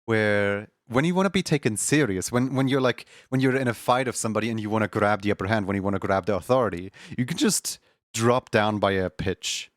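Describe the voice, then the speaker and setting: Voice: mid-range voice, fairly quick, no echo, clean studio sound. A streamer in casual chat with viewers, rambling and laughing often.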